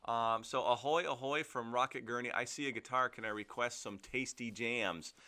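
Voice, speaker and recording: A man's voice: mid-range voice, fairly even intonation, normal speed, bright, forceful tone. A middle-aged man co-hosting a podcast, chatting casually, joking and laughing often as he drifts between topics. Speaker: podcast co-host. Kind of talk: casual chat.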